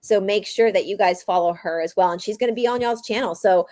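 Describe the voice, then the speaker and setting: A woman's voice: medium pitch, fairly quick, a little mellow, no room sound. A woman with a Southern American accent hosting a casual livestream chat, talking in a rambling, chatty way and laughing often. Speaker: host.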